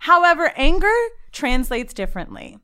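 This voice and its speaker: A woman from Florida, co-hosting a podcast in a studio, telling stories in a loud, animated way and switching voices for the people she quotes. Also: high-pitched, moderate pace, a little hiss or hum. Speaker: podcast co-host. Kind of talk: casual chat.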